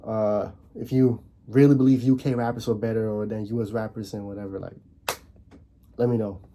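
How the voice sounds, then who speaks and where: A young man hosting his own channel, ranting casually to camera in a fired-up way, stumbling and repeating words, his voice leaping higher on emphatic points. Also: steady tone, moderate pace, dark tone, a little hiss or hum. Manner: frequent restarts and repeated words. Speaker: video host.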